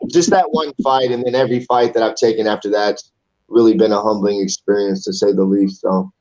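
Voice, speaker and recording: A man's voice: on the low side, steady tone, brisk, darkish tone, muffled recording. A man in his forties, a fighter guest in a casual interview, talking in a loose, rambling way and swearing casually. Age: 40s. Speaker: amateur MMA fighter, guest.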